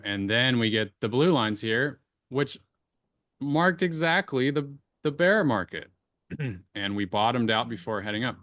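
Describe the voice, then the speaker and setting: A man's voice: lowish voice, a bit bright, dry recording. Man walking through a chart, dry sound. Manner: talks through a screen-shared chart with many fillers and restarts. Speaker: crypto astrology show host.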